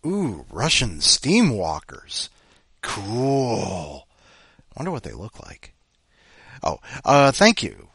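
Swearing, animated male storyteller. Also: no echo, clean studio sound. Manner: profane, ranting, mimics others in high mocking voices. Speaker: podcast host. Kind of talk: casual rambling anecdote.

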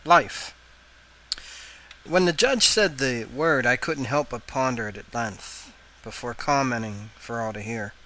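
A man narrating a first-person story in a reflective, measured way. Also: medium pitch, pushed and bright, poor audio. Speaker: story reader.

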